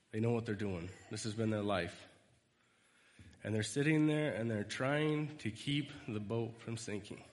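A man giving a conversational storytelling sermon, animated and retelling scenes. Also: lowish voice. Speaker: preacher. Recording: reverberant hall.

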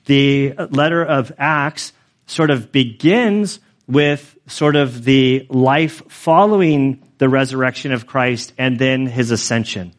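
A male pastor giving a sermon in a relaxed, conversational way, with prayers and a personal story. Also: medium pitch, slow pace. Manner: conversational, storytelling with self-corrections.

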